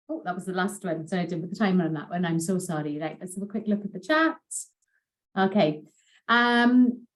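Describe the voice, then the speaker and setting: A woman's voice: mid-range voice, normal speed, a little mellow. A woman teaching a live online language lesson, repeating phrases for learners and chatting in asides.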